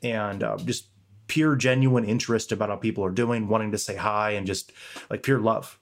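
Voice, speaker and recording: A man's voice: lowish voice, fairly even intonation, normal speed. A young man co-hosting a podcast, talking candidly in a rambling way and swearing casually. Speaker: podcast co-host.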